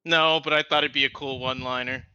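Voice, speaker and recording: A man playing in a tabletop game, excitable and jokey, describing his character's moves. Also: mid-range voice, fast talker, clear, resonant tone, muffled recording. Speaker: player. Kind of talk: casual tabletop play.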